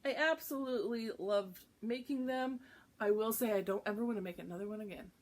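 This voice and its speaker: A woman vlogger chatting excitedly and casually to camera while unboxing a craft box, with frequent ums and little laughs. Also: medium pitch, brisk.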